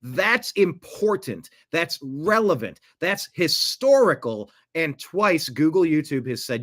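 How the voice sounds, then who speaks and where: A man's voice: a little high, very animated, measured pace, few pauses, a bit bright. Indignant man commentating. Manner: indignant, emphatic, with restarts. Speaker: online political commentator. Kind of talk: solo political commentary, reading a transcript aloud.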